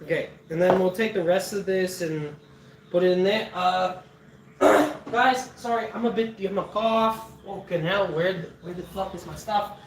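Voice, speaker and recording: A man's voice: high-pitched, moderate pace, recorded from a distance. A man talks his viewers through a recipe in a loose, joking way, laughing often and swearing freely. He stands some way from the mic in an echoey home kitchen, with a faint hum of background noise. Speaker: cooking streamer. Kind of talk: casual cooking livestream chat.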